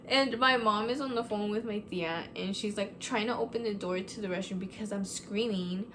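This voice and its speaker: Animated woman telling a ghost story. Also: fairly high pitch, moderate pace, slight background noise. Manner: animated, swears, lots of "like" fillers. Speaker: vlogger. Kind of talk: casual storytime vlog.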